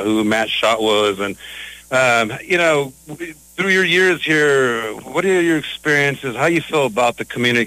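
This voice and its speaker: A man's voice: mid-range voice, pushed and bright, no room sound, low-quality recording. A man hosting a casual interview, loose and chatty with lots of fillers. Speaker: interviewer, host.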